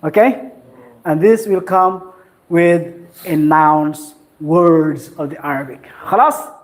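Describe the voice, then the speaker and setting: Slow, patient male Quran teacher. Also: fairly high pitch. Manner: patient, repeats sounds and checks understanding. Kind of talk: slow classroom instruction.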